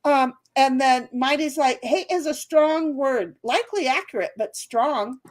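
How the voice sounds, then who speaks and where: A woman's voice: high-pitched, measured pace, a little hiss or hum. A woman hosting a casual livestream, reading out chat comments with loose swearing and frequent laughter.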